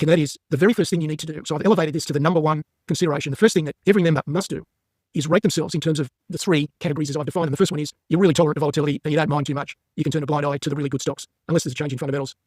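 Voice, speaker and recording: Fast-talking man, husky voice. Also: on the high side, a little mellow, dry recording, clean studio sound. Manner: brisk and emphatic, plain-spoken. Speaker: stock market analyst for paying members. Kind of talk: market update walking through charts.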